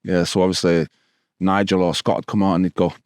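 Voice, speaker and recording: A man's voice: low voice, level tone, a little fast, a little mellow, clean tone, no echo, studio quality. Manchester man telling stories, slangy. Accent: Manchester English. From Stockport, England. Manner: casual street slang, repeated "bro" and "do you know what I mean". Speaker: guest. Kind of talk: storytelling in a podcast interview.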